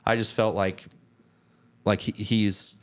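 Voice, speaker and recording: A man's voice: lowish voice, little pitch movement, slow. A young man co-hosting a podcast, telling rambling stories in casual chat with lots of fillers. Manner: rambling, many restarts and "like" fillers. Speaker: podcast co-host.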